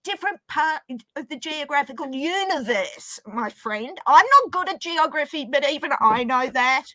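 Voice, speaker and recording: High, bright Australian woman chatting. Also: lively intonation. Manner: chatty, quick to joke and apologise. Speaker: stream guest. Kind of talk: casual chat.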